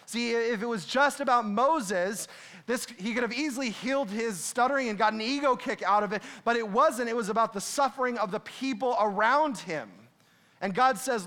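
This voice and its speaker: A young man preaching a sermon, animated, who laughs and acts out quoted voices. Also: very high voice, normal speed. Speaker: pastor.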